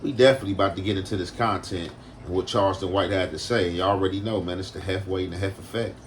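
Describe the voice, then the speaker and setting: A man's voice: low-pitched, steady tone, fast, a little hiss or hum. A man hosting a commentary channel, talking loosely and skeptically about a clip. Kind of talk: casual commentary.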